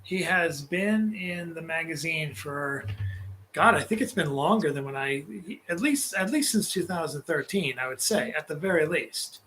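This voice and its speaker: A man co-hosts a casual podcast, chiming in with quick replies and corrections. His voice is bright and a little high, with faint noise behind him. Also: low-quality recording. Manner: chimes in with short replies and corrections. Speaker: podcast co-host. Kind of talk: casual chat.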